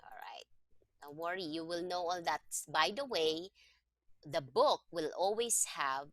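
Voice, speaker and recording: A woman's voice: sits low, a little slow, no room sound. A woman teaching a Tagalog lesson one-on-one, explaining patiently and step by step. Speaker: Tagalog tutor.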